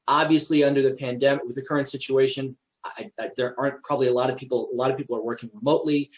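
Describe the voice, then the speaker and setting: A man's voice: medium pitch, steady tone, very fast, poor audio. Male presenter, mid-range voice, hesitant and repetitive Q&A delivery. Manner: hesitant, many restarts and fillers. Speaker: presenter at an association meeting. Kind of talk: conversational Q&A on a call.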